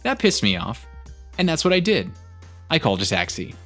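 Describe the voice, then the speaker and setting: Expressive male story reader. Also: mid-range voice, normal speed, soft background music. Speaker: story narrator. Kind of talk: reading online posts aloud.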